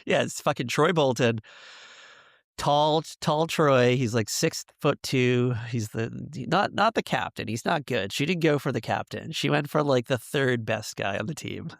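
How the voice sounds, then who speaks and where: A man's voice: mid-range voice, a little slow, creaky, no echo, clean studio sound. A man co-hosting a podcast, telling rambling school stories in casual chat with lots of fillers. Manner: rambling, many fillers and laughs. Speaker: podcast co-host.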